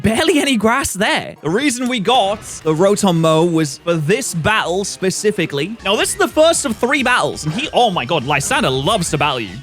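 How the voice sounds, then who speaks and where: A man giving playful, joking gameplay commentary, swinging between excited outbursts and deadpan mutters. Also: sits high. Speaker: gaming YouTuber.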